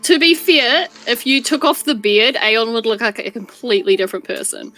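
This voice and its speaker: A woman's voice: fairly high pitch, lively intonation, fairly quick, bright, forceful tone. A woman player in a tabletop game, with a slightly raised voice. She rambles in character, full of ums and restarts, with faint music underneath. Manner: rambling, hesitant, filler-heavy. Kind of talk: in-character roleplay chat.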